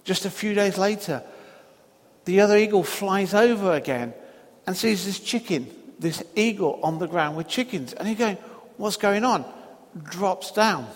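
A man preaching a sermon in a church, telling a story slowly and deliberately with long pauses. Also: high-pitched, in a large hall.

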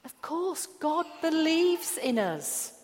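A woman pastor preaching a sermon, slow and emphatic with long pauses. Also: extremely high pitch, sing-song. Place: church hall. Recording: echoey hall.

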